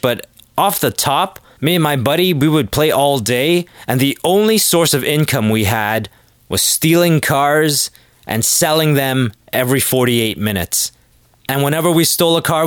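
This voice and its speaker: A man's voice: medium pitch, no room sound, clean studio sound. A young man hosting his own podcast, rambling casually and making self-deprecating jokes. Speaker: podcast host. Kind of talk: casual solo monologue.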